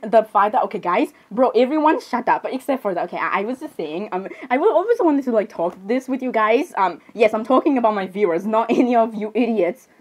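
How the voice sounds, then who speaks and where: Excitable woman with a high, lively voice. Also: a little fast, few pauses, breathy edge. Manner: excitable, laughing often, slangy. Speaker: video creator. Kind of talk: improvised character chat video.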